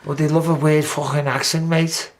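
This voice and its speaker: A man's voice: on the high side, normal speed, a crowd in the background. A man, hosting a casual chat and acting out what people said, with swearing. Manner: animated, swearing, acts out quotes. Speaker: host.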